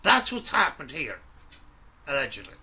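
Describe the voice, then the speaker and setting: A man's voice: medium pitch, huge pitch swings, moderate pace, creaky, very noisy. A man doing an angry, sweary reaction commentary, mocking and ranting at the video he watches. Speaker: commentary YouTuber.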